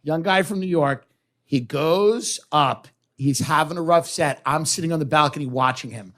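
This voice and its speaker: A male comedian telling an animated anecdote, acting out voices as he goes. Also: fairly high pitch, moderate pace. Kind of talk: comedic storytelling.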